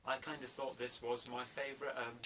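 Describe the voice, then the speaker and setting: A man's voice: mid-range voice, level tone, a little fast, bright, forceful tone. A man giving a casual spoken film review, hesitant, with many fillers and restarts. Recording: distant mic, faint room noise.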